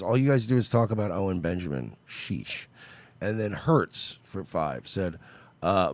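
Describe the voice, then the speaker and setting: A man co-hosting a podcast, chatting casually and making crude jokes. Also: dry recording. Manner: crude joking, lively pitch. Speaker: podcast co-host. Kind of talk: casual chat.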